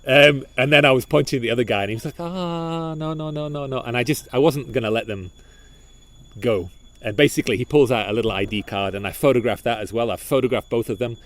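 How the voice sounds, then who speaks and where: A man co-hosting a podcast, telling a story in casual chat, animated and full of restarts and repeated words. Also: mid-range voice, quick pace. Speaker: podcast co-host.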